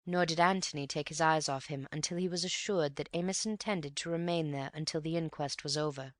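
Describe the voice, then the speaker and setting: A woman narrating an audiobook in an even, measured storytelling manner. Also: low-pitched, no room sound, studio quality. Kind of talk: scripted narration.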